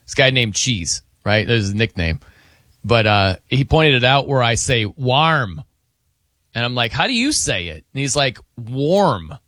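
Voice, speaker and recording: Animated male radio host. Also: medium pitch, normal speed, dry recording, clean studio sound. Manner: animated, laughs often, mimics people's pronunciations. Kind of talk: casual radio chat.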